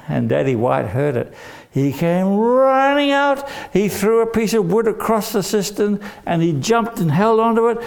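Gravelly older man telling stories. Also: high-pitched. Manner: animated, acts out voices with shouts. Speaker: children's storyteller. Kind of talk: storytelling to children.

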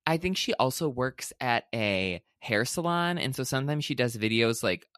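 A man's voice: mid-range voice, normal speed, clean tone, no room sound, clean studio sound. A man co-hosting a podcast, telling rambling stories full of tangents in a casual chat. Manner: rambling, animated storytelling with tangents. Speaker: podcast co-host.

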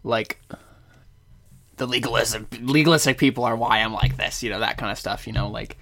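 Young male podcast co-host, middle pitch, thoughtful and relaxed explainer. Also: fairly quick. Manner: thoughtful, explains scripture calmly, laughs easily. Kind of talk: casual chat.

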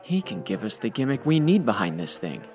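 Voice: medium pitch, sing-song, brisk, a little mellow, faint music behind. An actor playing a wry newspaper reporter in an old-time radio-drama style, talking in clipped period slang. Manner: wry, clipped 1940s patter.

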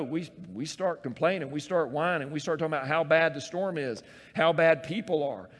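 A man preaching a sermon, acting out Bible scenes in voices and swinging from loud calls to hushed, close words. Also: on the high side, big-room sound. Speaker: pastor.

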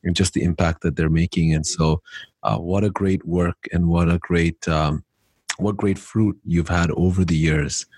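A man's voice: deep voice, steady tone, normal speed, a little mellow, husky, no echo. A man hosting a podcast, adding short encouraging remarks while the guest talks. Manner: brief encouraging interjections. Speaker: podcast host. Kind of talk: podcast interview.

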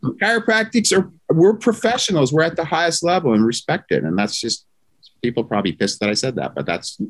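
A man's voice: fairly high pitch, sing-song, brisk. A man speaking as an interview guest, brash and emphatic, with casual swearing. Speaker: guest chiropractor.

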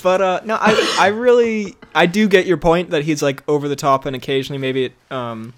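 A young man co-hosting a casual podcast, animated and laughing often, with bursts of mock outrage. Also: a little high, a little fast, slight background noise. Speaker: podcast co-host. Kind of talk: casual chat.

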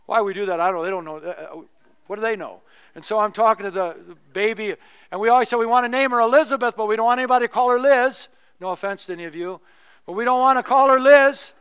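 A man's voice: sits high, fast, fairly bright tone, clear, resonant tone. A middle-aged male pastor preaching a sermon, telling a personal story in a conversational, humorous way.

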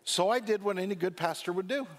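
A male pastor with a slightly high voice tells a funny personal story from the pulpit. He delivers it with lively energy and acts out the dialogue. When he reaches the serious points, he slows down and lowers his voice. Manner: animated comic storytelling.

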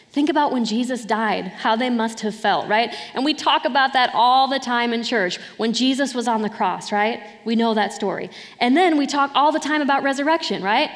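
A woman preaching a sermon in a conversational way, often checking in with her listeners. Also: fairly high pitch. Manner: conversational, often asks "right?". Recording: hall reverb.

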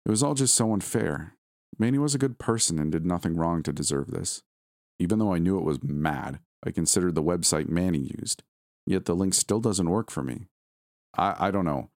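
A man reading a first-person horror story aloud in a steady, somber storytelling manner. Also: sits low, normal speed, no echo, studio quality. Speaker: narrator. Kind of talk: scripted horror story narration.

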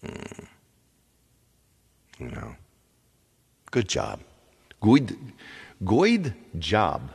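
A man's voice: lowish voice, wildly swooping pitch, extremely slow, creaky, pauses often, a little mellow, slightly rough, in a large hall. A man hosting a live stream, chatting casually with viewers and telling a long, ranting story. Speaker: live stream host and singer.

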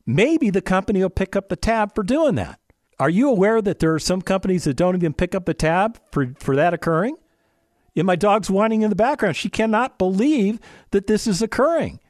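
A man hosting a radio talk show, speaking in an animated way with lots of rhetorical questions and jokey asides to his dog. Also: high voice, moderate pace, dry recording, studio quality.

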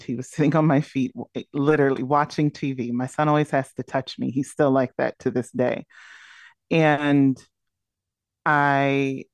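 A woman's voice: extremely low pitch, darkish tone, no room sound. A woman speaking as a podcast guest, candidly and reflectively telling a personal story. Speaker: podcast guest, burnout coach.

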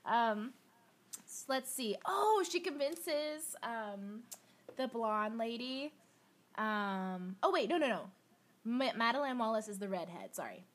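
A woman co-hosting a casual movie podcast, recapping scenes with frequent laughs and quick acted-out lines. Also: on the high side. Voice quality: lively, laughs often, acts out lines in voices. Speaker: podcast co-host. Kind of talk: casual chat about movies.

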